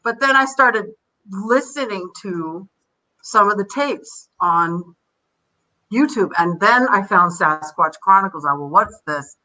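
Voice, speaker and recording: An older woman, a grandmother and podcast guest, telling rambling, animated stories and acting out the voices she quotes. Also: medium pitch, slow, poor audio. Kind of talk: casual interview storytelling.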